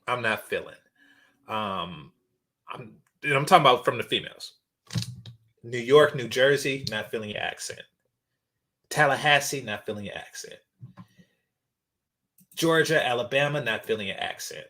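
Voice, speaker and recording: A man's voice: medium pitch, normal speed, pauses often, pushed and bright. A man hosting a casual reaction commentary channel, talking bluntly with lots of fillers and restarts. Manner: blunt, rambling, frequent fillers.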